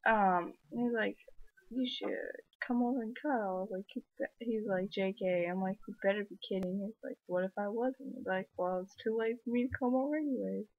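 A tired teenage girl rambles through her day in a casual vlog, acting out every text and line people said to her. Her voice sits at an ordinary pitch for a girl. The sound is dry, narrow and tinny, like it came through a phone. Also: brisk, dry recording. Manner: rambling storytelling, acts out texts and quotes. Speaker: vlogger.

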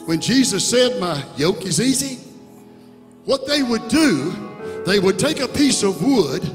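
A bishop preaching an impassioned sermon in a church sanctuary, swinging between soft words and shouts. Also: male voice, high-pitched, big pitch swings, a little slow. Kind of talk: Pentecostal sermon. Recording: reverberant church hall with music.

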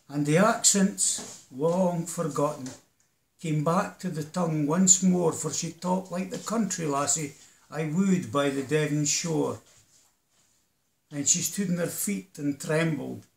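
Man reciting a dramatic poem slowly. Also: on the high side, creaky, echoey room. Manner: theatrical, moving between hushed and declaiming. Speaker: poetry reciter.

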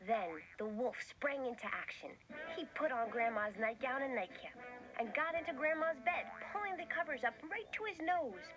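A woman giving expressive, scripted storybook narration. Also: sits high, normal speed, lo-fi sound. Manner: expressive, lively. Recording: narration over music.

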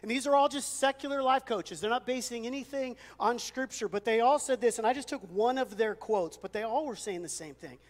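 High-voiced pastor in an echoing hall. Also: male voice, brisk, hardly any pauses. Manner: conversational storytelling with self-deprecating humor. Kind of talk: sermon. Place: church sanctuary.

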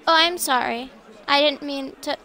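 High, bright-voiced woman chatting over gameplay. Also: normal speed, some chatter behind. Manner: chatty, apologetic, bursts of surprised laughter. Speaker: gameplay streamer. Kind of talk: casual game commentary.

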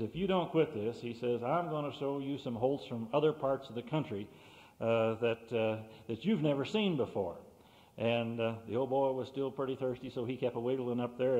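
A man's voice: mid-range voice, warm tone. A man telling a long folksy joke as emcee of a meeting, drawling along with many fillers. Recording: dull cassette tape in a reverberant hall.

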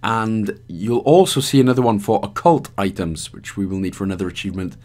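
A man's voice: fairly low pitch, a little fast, darkish tone. A man with a Welsh accent giving chatty, rambling, self-mocking walkthrough commentary as a gaming guide host.

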